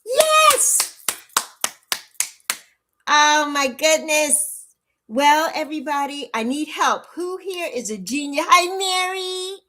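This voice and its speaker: A woman's voice: high voice, a little slow, fairly bright tone, slight background noise. A woman in her sixties hosting a casual livestream, flustered and pleading for help while greeting viewers by name. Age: 60s. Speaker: livestream host. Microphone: laptop mic.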